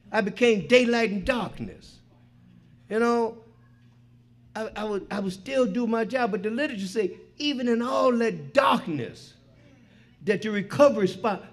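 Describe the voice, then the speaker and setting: A middle-aged man speaks at a recovery meeting in a high voice. He tells his story with street slang and plenty of swearing, booming on the punchlines and dropping low and quiet in the reflective stretches. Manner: animated storyteller, swings between loud punchlines and quiet reflection. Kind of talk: personal recovery share. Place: meeting hall before an audience.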